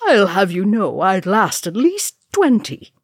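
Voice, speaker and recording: A woman performs a cheeky, boastful young male dwarf in a brash manner, pitching her mid-range voice above her natural one. She speaks unhurriedly with big pitch swings and a darkish tone, recorded dry in clean studio quality.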